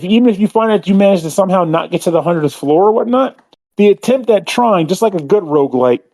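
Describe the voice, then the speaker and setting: A man's voice: on the high side, dark tone. A man giving an earnest game review and chatting casually on a podcast.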